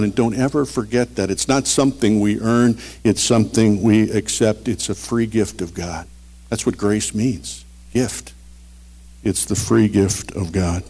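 A middle-aged man preaching a sermon, earnest and storytelling, swinging between loud emphasis and quiet. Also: fairly low pitch, measured pace, breathy edge. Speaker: pastor. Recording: long reverb of a large hall.

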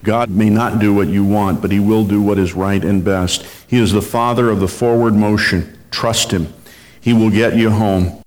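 A man preaching a sermon in an earnest, measured way, reading long quotations aloud. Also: fairly low pitch, steady tone, a little mellow, a little hiss or hum. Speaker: pastor. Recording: reverberant hall.

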